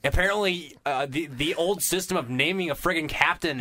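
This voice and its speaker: A man's voice: on the high side, fairly quick, few pauses, pushed and bright. A man hosting a sports podcast, ranting in an exasperated, mocking way.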